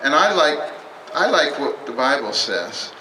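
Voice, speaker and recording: A man giving a campaign speech at a public rally. He talks in short, measured, emphatic phrases with some dry humor. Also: fairly high pitch, big pitch swings, sharp tone. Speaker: political candidate. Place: public rally at a state capitol. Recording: echoey, distant mic, noisy.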